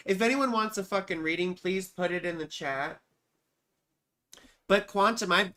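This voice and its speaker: A woman astrologer hosts a live chart-reading stream in a lowish, slightly bright voice. It's casual livestream chat, and she rambles, swears and mocks herself.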